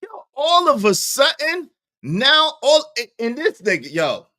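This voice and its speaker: Man ranting on a livestream, bright voice, lively pitch swings, slow drawn-out delivery, dry close sound. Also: no room sound. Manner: animated, profane, laughing, emphatic repetitions. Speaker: livestream commentator. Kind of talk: casual reaction commentary.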